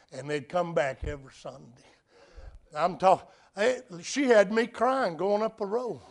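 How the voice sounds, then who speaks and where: Male preacher, high voice, storytelling sermon that drops to a hush and climbs to loud appeals. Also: normal speed. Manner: dramatic swings from hushed to loud.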